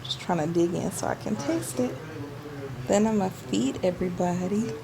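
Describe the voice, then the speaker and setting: A woman's voice: mid-range voice, normal speed, vocal fry, noisy background. A woman chatting casually to viewers while cooking in her home kitchen, calling them y'all. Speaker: cooking vlogger.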